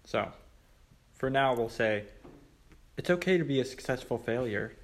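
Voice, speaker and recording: A man's voice: medium pitch, lively intonation, normal speed. Easygoing young man in casual film chat. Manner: agreeable, short backing replies. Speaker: podcast co-host.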